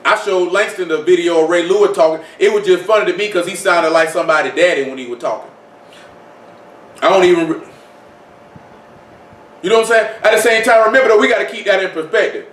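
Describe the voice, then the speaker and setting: Guy preaching loose and chatty, kinda high voice, sounds far from the mic. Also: fast, long pauses, a bit bright. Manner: conversational, repetitive, rhetorical questions. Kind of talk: informal sermon. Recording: echoey room, mic far off.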